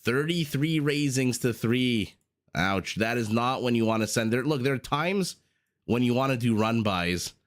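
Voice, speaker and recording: A man with an expressive, medium-pitched voice speaks a little slowly as he casts a strategy game live on stream. As an esports caster mixing game commentary with casual stream chat, he's playful and chatty, teases himself, and coughs along the way.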